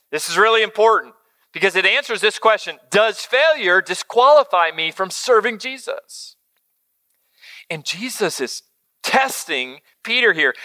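A man preaching a sermon, earnest, swinging from emphatic lines to soft, hushed ones. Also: high voice. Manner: earnest, shifts between loud emphasis and soft near-whisper. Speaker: pastor.

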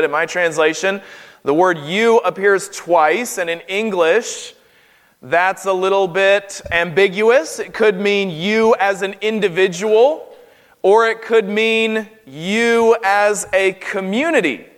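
Man with southern us accent, sermon, smooth resonant voice, slightly high, long reverb of a church hall. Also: fairly bright tone. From North Carolina. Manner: earnest, emphatic, deliberate pacing. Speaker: guest preacher. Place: church sanctuary.

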